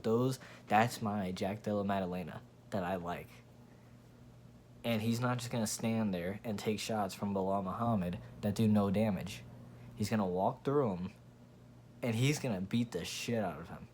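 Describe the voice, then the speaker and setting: Man, lowish voice, blunt, profane, rambling casual rant, faint background noise. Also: moderate pace, a little mellow. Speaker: MMA commentary channel host.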